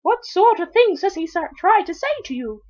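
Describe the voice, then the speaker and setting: A woman voicing a bratty, condescending young girl in a parody storybook reading, with a high, mocking voice. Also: very animated, moderate pace, a little mellow. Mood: eager. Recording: dull lo-fi recording.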